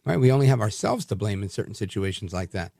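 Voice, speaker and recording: A man hosting a talk radio show, giving animated, combative opinion commentary with frequent restarts. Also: on the low side, fast, vocal fry, no room sound, clean studio sound.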